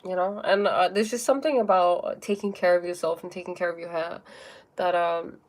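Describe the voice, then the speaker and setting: A woman's voice: on the low side, steady tone, normal speed. A woman hosting a casual spiritual self-help livestream from her phone, thinking aloud with many fillers and restarts and chatting directly with viewers about their comments. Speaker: livestream host answering viewer questions.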